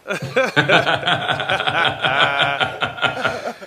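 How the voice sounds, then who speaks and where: A former basketball player telling a laughing, animated story in casual talk. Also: male voice, a little high, very slow, reverberant, slight background noise.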